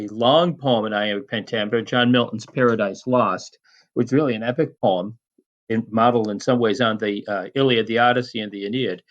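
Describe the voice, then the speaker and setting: A man teaching Latin poetic meter in a recorded lecture, measured and prone to restarts and fillers. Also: on the low side, a bit bright, muffled recording.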